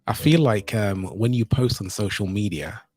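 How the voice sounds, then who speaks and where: A man's voice: lowish voice, moderate pace, a little mellow, husky, faint music behind. A man hosting a casual livestream from his home, upbeat and chatty, greeting his viewers over and over, recorded on a phone. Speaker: livestream host.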